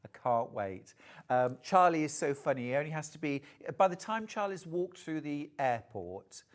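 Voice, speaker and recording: A man's voice: a little high, expressive, normal speed. A man hosting a live TV shopping sale, chatty and gushing, reading out viewers' messages and calling them darling. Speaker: shopping channel host. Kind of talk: live TV shopping sales pitch.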